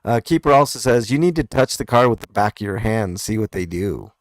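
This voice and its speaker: A man's voice: on the low side, animated, a little fast, dry recording, studio quality. A man hosting a casual comment show, reading viewer comments aloud in a laid-back, hesitant way with lots of fillers and small chuckles.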